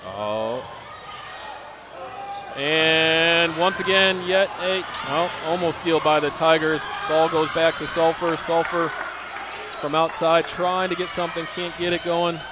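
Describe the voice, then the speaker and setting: A man calling a high school basketball game play by play, with excited calls and chatty asides. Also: measured pace. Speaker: play-by-play announcer. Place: school gym broadcast booth. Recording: noisy gym ambience behind.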